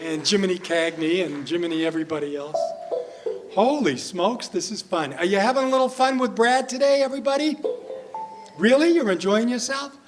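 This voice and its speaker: A man's voice: high-pitched, brisk. A male entertainer joking and chatting with a senior audience between sing-along songs at a live show. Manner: jokey, playful, chats with the audience. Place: performance room at a senior residence. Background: backing music.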